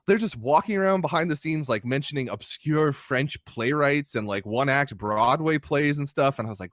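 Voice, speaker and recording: A man's voice: medium pitch, dry recording. Podcast co-host: young man, dry close sound, swears freely and rants with energy. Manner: animated, swearing, ranting critique. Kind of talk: casual podcast chat. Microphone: podcast microphone.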